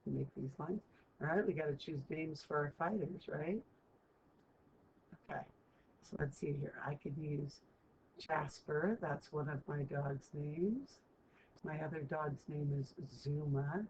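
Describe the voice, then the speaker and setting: On a muffled, lo-fi recording with a faint hiss, a woman teacher explains math to students. Her voice is low-pitched and darkish at a measured pace, and she keeps things chatty, often checking in with "right?".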